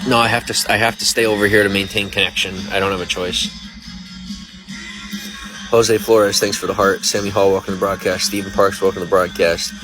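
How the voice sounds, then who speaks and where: A worn-out man with a low voice talks on a late-night livestream from his phone, rambling and emotional. He sounds spent and trips over his words. Loud music plays from a nearby speaker in the restaurant. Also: little pitch movement, fairly quick, poor audio. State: exhausted.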